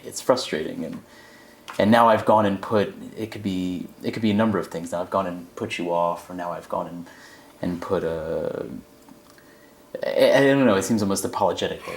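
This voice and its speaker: Deep-voiced man thinking aloud in seminar. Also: normal speed, a little hiss or hum. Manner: thinking aloud, animated with many restarts. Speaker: seminar participant. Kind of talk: seminar discussion.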